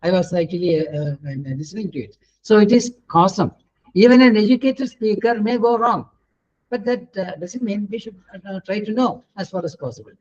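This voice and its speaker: A middle-aged man with an Indian English accent leads an online pronunciation lesson in a high voice. He is patient and corrective, often pausing to search for words. The webinar audio is dull and lo-fi. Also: expressive, darkish tone. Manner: patient, corrects students, many hesitant fillers. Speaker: English teacher. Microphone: video call.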